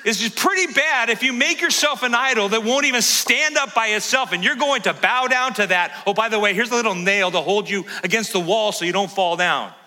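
A male pastor preaching a sermon in a church, animated and acting out the voices of scripture. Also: sits high, a little fast, few pauses, big-room sound, rough recording. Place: church sanctuary.

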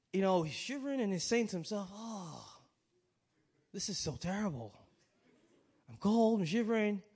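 A man preaching a sermon in a conversational way, with restarts and questions to the audience. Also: high voice. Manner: conversational, halting, with restarts and chuckles.

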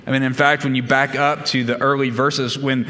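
A man's voice: medium pitch, flat delivery, moderate pace, sharp tone. A man preaching a sermon as pastor, emphatic, repeating key phrases and laying out numbered points. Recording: long reverb of a large hall.

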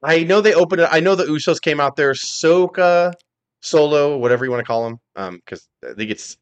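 A man's voice: fairly high pitch, a little fast, clean tone, dry recording. A man co-hosting a casual wrestling podcast, swearing casually and acting out quotes from his childhood. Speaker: podcast co-host.

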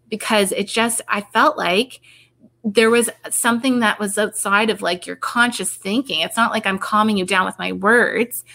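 A woman's voice: medium pitch, creaky, pushed and bright. A middle-aged woman, a researcher, talking in a rambling, casual way, full of fillers and restarts. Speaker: researcher and podcast guest. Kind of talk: casual conversation.

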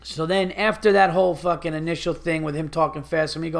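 A man's voice: on the high side, steady tone, creaky. A young man, hosting a podcast and telling a casual, profane story about a rude phone call. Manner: profane, exasperated, mimics others in quick asides. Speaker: podcast host.

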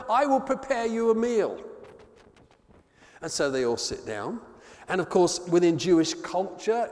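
A man preaching with a high, very animated voice that climbs and sinks as he tells the story. He falls to a hushed, low tone on the words he wants to land. The sound rings with the long reverb of a large hall. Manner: expressive storytelling, drops to soft low tones on key words. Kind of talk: sermon.

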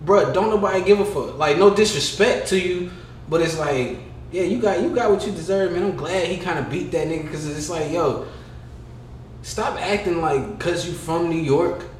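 A young man with a fairly high voice rants and tells stories on a casual podcast, swearing freely and breaking into loud, animated bursts. The room is echoey, with a faint hum of background noise behind him. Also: normal speed. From California. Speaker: podcast co-host.

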